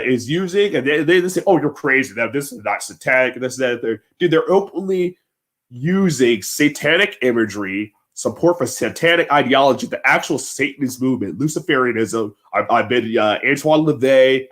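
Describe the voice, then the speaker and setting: A man's voice: mid-range voice, a bit bright. Heated, emotional man ranting to camera. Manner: heated, rambling, emphatic with repeated tag questions. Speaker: vlogger. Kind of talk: impassioned monologue to camera.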